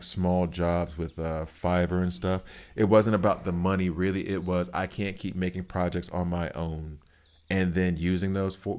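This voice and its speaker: A man streaming a game, chatting casually and telling stories in an animated, emphatic way. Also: deep voice. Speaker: gaming streamer.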